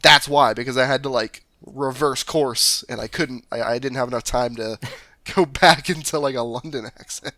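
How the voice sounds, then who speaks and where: Bright-voiced halting male podcast co-host. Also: medium pitch, fairly even intonation, no echo. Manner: halting, repeats words, laughs often. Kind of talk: casual chat.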